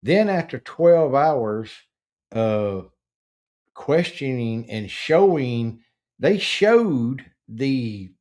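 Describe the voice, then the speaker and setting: A middle-aged man with a drawl hosts a true-crime chat. His voice is dark and mellow, and he talks at an unhurried, deliberate pace. He stresses key words and often restarts his sentences as he builds up indignation. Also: mid-range voice. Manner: slow, emphatic, indignant storytelling with restarts. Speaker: podcast host. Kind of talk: casual true-crime discussion.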